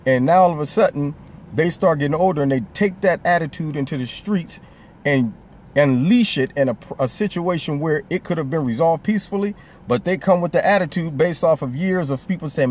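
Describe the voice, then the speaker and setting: A man's voice: on the high side, darkish tone, a little hiss or hum. A man giving his opinion in a vlog, conversational and emphatic. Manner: conversational, emphatic, slips into quoted voices. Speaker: vlogger. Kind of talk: opinion commentary.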